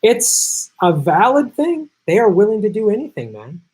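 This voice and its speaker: Husky-voiced man ranting casually. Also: sits high, huge pitch swings, moderate pace, darkish tone, rough recording. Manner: rambling, emphatic, laughs easily. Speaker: political commentary show host. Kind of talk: casual rant reading viewer questions.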